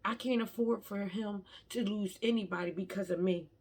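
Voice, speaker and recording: A woman's voice: mid-range voice, fairly even intonation, moderate pace, a little mellow, breathy edge. A woman talking emotionally and from the heart in a personal faith vlog, often restarting her sentences. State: tearful at times. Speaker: vlogger.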